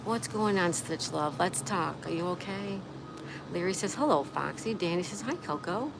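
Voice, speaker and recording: A woman's voice: lowish voice, moderate pace, gravelly. A woman hosting a casual livestream, reading viewer comments aloud and chatting back to them. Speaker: livestream host. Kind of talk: casual live-stream chat. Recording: steady background noise with passing traffic.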